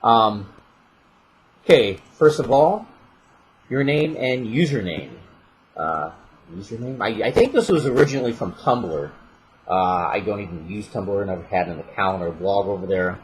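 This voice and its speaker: Low-voiced Midwestern man from St. Louis. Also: a little slow, a little hiss or hum, poor audio. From St. Louis area, Missouri. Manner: relaxed, chatty, self-deprecating asides. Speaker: vlogger and voiceover artist. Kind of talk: casual on-camera word-list reading.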